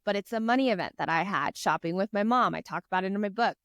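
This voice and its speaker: A woman's voice: medium pitch, fast talker, a bit bright, no room sound, studio quality. A woman guest on a podcast, telling stories in an earnest, encouraging, chatty way. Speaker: guest author. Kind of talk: casual podcast chat.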